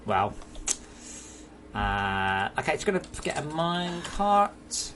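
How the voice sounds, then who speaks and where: A man's voice: on the high side, sing-song, slow pace, background noise. A young English man chatting casually while streaming a game at home, joking and swearing freely. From England. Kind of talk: casual live-stream chat.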